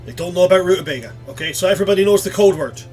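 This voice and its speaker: A man narrating as game master, animated and stammering when excited, with some swearing. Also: high-pitched, very fast, faint music behind.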